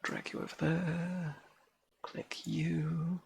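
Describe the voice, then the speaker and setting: A man's voice: on the high side, flat delivery, drawn-out words, creaky, slight background noise. A man reading poetry aloud on a live stream, working through dialect verse and correcting his own slips. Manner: reads Scots dialect verse aloud, stumbles and corrects himself.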